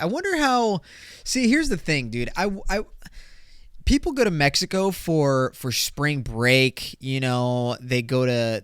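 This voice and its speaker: A young man hosts a casual solo podcast, joking and rambling as his volume swings from loud bursts to mumbled asides. His voice is smooth and resonant, close on the mic in a dry, dead room. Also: medium pitch, dry recording. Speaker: podcast host.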